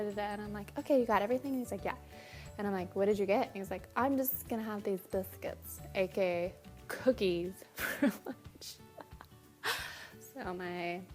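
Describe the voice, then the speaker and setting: Young woman rambling thru a travel story on her vlog, laughs a lot, faint music under it. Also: mid-range voice. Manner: chatty, rambling, laughs often, quotes people in quick asides. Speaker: travel vlogger. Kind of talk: casual storytelling to camera.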